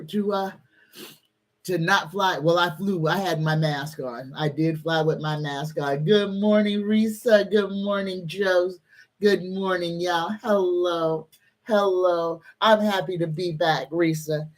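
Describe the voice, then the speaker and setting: Slow-talking woman tarot reader. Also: fairly low pitch. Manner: chatty, greets viewers by name, invokes spirit guides. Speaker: psychic tarot card reader. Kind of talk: live-stream tarot reading and chat.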